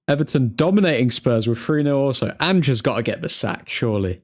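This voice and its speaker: A man hosts a live football watchalong, chatting casually and rambling along with frequent laughs and mock French phrases. His medium-pitched voice is sing-song and fairly quick.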